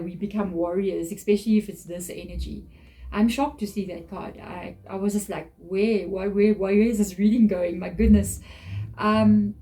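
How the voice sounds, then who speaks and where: Woman tarot reader, mellow tone, heartfelt and repetitive delivery, soft music underneath. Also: mid-range voice, low-quality recording. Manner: emotional, earnest, repeats phrases. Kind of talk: tarot reading to camera.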